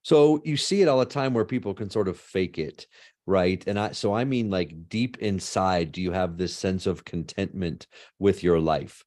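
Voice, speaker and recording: A middle-aged man, a law and ethics professor, answering interview questions in an animated storytelling way, often tagging "right?". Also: deep voice, moderate pace.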